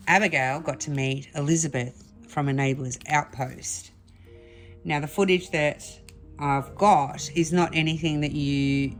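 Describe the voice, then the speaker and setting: A woman vlogging to camera, telling an emotional story in a rambling way with many restarts and self-corrections, close to tears. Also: sits low. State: tearful.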